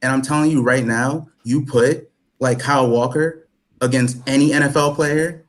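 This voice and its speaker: A man's voice: mid-range voice, steady tone, normal speed, poor audio. A man in his twenties, a guest on a casual fan chat, talking enthusiastically with lots of "like" and some swearing. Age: 20s.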